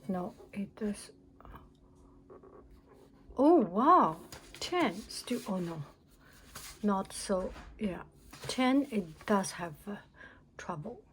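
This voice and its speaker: Slow, half-whispering woman. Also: medium pitch, low-quality recording. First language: Mandarin Chinese. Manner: soft, often half-whispered, excited exclamations. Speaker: teacher. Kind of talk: unboxing vlog. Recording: clicking noise in the background.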